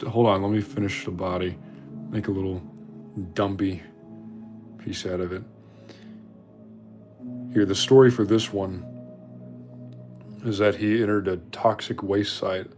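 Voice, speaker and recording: A man's voice: sits low, flat delivery, measured pace, pauses often, darkish tone, soft background music. A man casually chatting with viewers while drawing their requests, rambling and self-deprecating.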